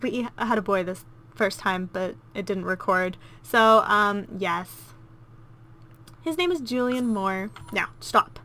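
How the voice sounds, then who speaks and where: Bright, gushing woman gamer. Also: mid-range voice, takes it slowly. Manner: gushing and cooing, easily delighted. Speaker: let's play host. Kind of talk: casual gameplay commentary.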